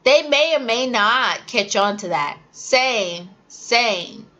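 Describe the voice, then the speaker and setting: A woman teacher speaks slowly and with a bright edge, giving casual tips to fellow teachers. She slips into animated demonstrations of how she drills her young students. The sound is dull and lo-fi. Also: fairly high pitch. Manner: animated, acts out classroom drills. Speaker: ESL teacher.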